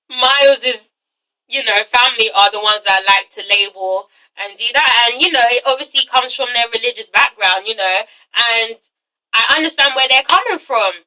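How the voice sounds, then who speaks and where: A woman vlogger recaps and roasts a reality show in a high, sharply bright voice. She talks sassy and full of swearing, punching her points with constant checks on the listener. Her voice sits a bit far from the mic. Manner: sassy and profane, with constant "okay? all right?" tags. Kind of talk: casual recap and commentary.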